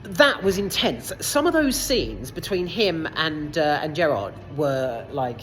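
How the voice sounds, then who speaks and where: A woman's voice: sits low, sing-song, a little slow, faint music behind. A woman reviewing a film casually in a cinema foyer, hesitant, with many fillers and casual swearing. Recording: long reverb in a foyer.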